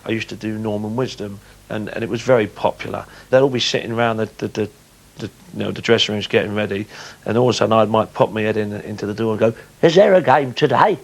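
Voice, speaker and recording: A man, a former player, telling lively anecdotes in an interview and mimicking teammates. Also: fairly low pitch, quick pace, creaky. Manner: lively storyteller, mimics voices, laughs often.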